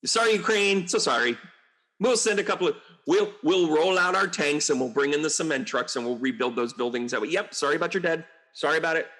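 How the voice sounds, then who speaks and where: A man's voice: fairly high pitch, animated, brisk, bright, forceful tone. A man putting on a sarcastic impression of a gloating male autocrat, with exaggerated fake apologies. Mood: mock apologetic.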